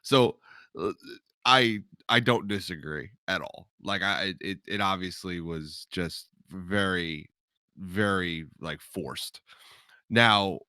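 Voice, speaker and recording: A man's voice: deep voice, slow pace, sharp tone, dry recording, studio quality. A man co-hosting a casual wrestling podcast in a laid-back, chuckling way. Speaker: podcast co-host.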